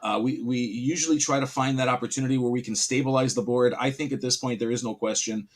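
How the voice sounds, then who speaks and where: A man casting a live card game tournament who gets excited and exclaims at big plays. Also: medium pitch, quick pace. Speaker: tournament caster.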